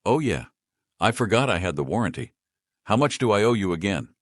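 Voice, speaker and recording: A man's voice: lowish voice, big pitch swings, fairly quick, no room sound, studio quality, voice pushed up. Man doing a cheerful elven wizard.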